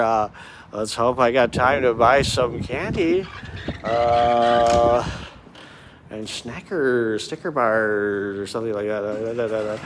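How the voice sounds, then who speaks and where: A man's voice: mid-range voice, slow, long pauses, slight background noise. A man rambling playfully while walking and talking outdoors for his vlog. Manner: rambling, playful, jumps between topics. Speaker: vlogger. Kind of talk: rambling walk-and-talk vlog.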